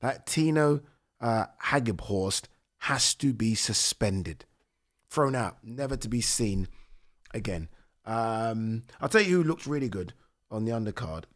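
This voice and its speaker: A man hosting a boxing podcast, talking casually and getting indignant, sometimes near-shouting in outrage. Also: on the low side, expressive, a little slow. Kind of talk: casual solo commentary.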